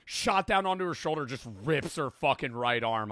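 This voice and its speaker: A man streaming casual reaction chat, excitable and swearing often. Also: on the high side, normal speed, hardly any pauses, dry recording.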